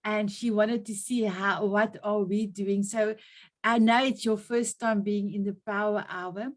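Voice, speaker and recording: A woman's voice: medium pitch, fairly even intonation, a little slow. Woman hosting a video call. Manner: effusive, warm thanks, frequent laughs and restarts. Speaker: online women's group host. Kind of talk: casual video call chat.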